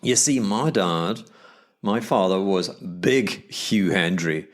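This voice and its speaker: A middle-aged Scottish man with a Glaswegian accent, hosting a solo podcast monologue in a theatrical way, his voice leaping high for emphasis. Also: slow pace. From Scotland. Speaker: podcast host. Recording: faint background music. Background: music playing underneath.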